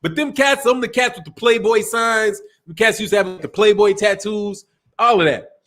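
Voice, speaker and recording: A middle-aged man from Chicago runs a boxing live stream with a high-pitched voice. He talks loose and slangy and laughs often. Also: moderate pace, bright, forceful tone. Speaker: boxing channel host. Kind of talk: casual live stream chat.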